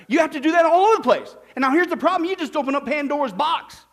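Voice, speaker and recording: A man's voice: extremely high pitch, animated, fast, hardly any pauses, a bit bright. A man preaching a sermon, reading verses and putting emphatic questions to the congregation. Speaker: pastor.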